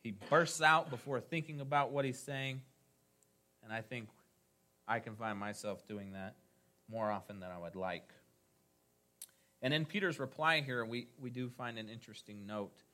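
A man delivers a sermon with a bright, forceful tone. He drives his phrases upward with emphasis, then lets the endings fall soft and low, steady in a mid-range pitch. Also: moderate pace, pauses often. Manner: emphatic preaching with rising, punchy phrases and soft trailing endings. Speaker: pastor.

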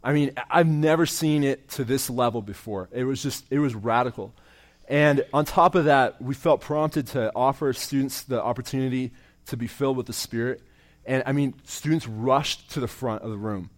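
A man's voice: medium pitch, normal speed. Earnest young man preaching a sermon. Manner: earnest, restarts phrases, trails off quietly at sentence ends. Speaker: campus minister and preacher. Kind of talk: testimony-style sermon.

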